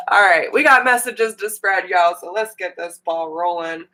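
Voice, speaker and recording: A young woman reading tarot live, chatting warmly with viewers, greeting them by name and saying y'all. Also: lowish voice, steady tone, slow pace, long pauses, poor audio. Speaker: tarot reader.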